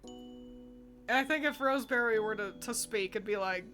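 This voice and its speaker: A woman's voice: a little high, normal speed, pushed and bright, faint music behind. A woman streamer in casual, rambling chat, laughing often as she reacts to fan art.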